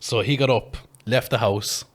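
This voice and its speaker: A man, a podcast host telling a long story in casual chat, animated and laughing, with plenty of swearing. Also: mid-range voice, normal speed.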